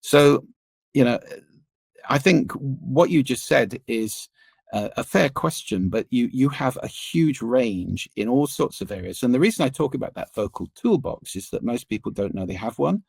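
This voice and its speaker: A middle-aged man, a podcast guest, explaining listening and voice in an animated, expressive way that shifts pace and pitch for emphasis. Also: normal speed, gravelly, husky, no echo. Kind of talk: interview conversation.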